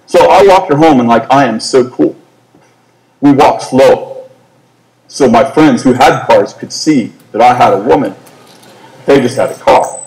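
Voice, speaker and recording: A male preacher telling a story in an animated, self-mocking comic way during a sermon. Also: mid-range voice, reverberant, a little hiss or hum, rough recording.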